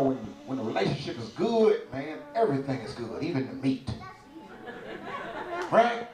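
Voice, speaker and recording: Animated man doing stand-up comedy. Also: on the high side. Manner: animated, playful storytelling. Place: church event stage before a live audience. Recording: roomy, distant sound with audience laughter.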